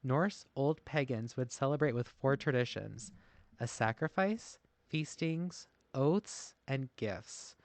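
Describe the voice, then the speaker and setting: A man's voice: mid-range voice, slow, dry recording. A man co-hosting a casual podcast, reading notes aloud and often laughing at himself. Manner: self-deprecating, laughs often. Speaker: podcast co-host. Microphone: masked while recording.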